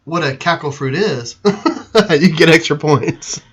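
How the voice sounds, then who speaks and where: A man's voice: fairly high pitch, slow, fairly bright tone, husky. A man hosting a casual livestream, chatty and giggly, trailing off and laughing as he talks. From Texas. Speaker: livestream host. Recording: lo-fi stream audio.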